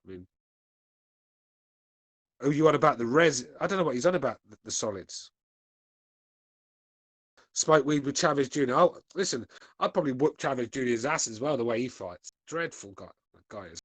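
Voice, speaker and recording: A man's voice: mid-range voice, expressive, moderate pace, pauses often, fairly bright tone, no room sound. A man hosting a podcast, reading live chat with laid-back, crude, mocking banter. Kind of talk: casual live-stream chat.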